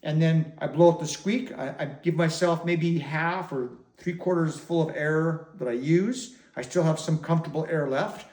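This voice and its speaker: Male didgeridoo teacher, slightly high voice, patient and methodical, roomy echo. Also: fairly even intonation, normal speed, few pauses, a little mellow. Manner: patient, step-by-step explaining. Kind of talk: instructional demonstration.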